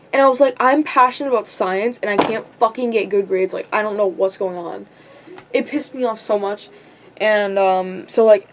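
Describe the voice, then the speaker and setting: A teenage girl in a rambling vlog rant, frustrated and self-deprecating, swearing often and filling her talk with "like". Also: medium pitch. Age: teens. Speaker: vlogger. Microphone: camera.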